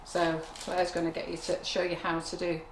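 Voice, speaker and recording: A woman's voice: lowish voice, completely flat delivery, moderate pace. A woman running a live cake decorating demonstration, chatty and teasing. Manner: chatty, teasing, laughs often. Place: kitchen. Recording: echoey kitchen with background noise.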